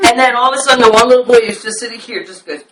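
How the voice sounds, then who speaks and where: Animated storyteller, echoey room, off-mic. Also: mid-range voice, rapid-fire, over a noisy crowd. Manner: animated, laughs often while telling. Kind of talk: casual chat. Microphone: phone recording. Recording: echoey room, far from phone mic, loud noise.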